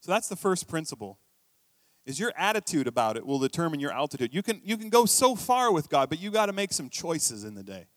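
A middle-aged male pastor preaches in a chatty, storytelling way, dropping into hushed asides and then jumping up into lively bursts of emphasis. His voice sits a bit higher than most men's. The sound is dry and close, with almost no room in it. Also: a little fast, dry recording. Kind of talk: sermon.

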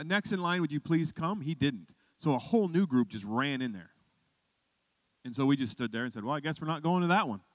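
Pastor, male, chatty storyteller in the pulpit, slightly raised pitch, dry sound. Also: no echo. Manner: conversational storytelling, rising to emphatic questions. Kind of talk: sermon with a personal story.

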